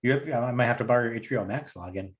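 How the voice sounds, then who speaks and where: Man, podcast co-host, casual banter, quick joking interjections, mid-pitched voice. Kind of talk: casual chat.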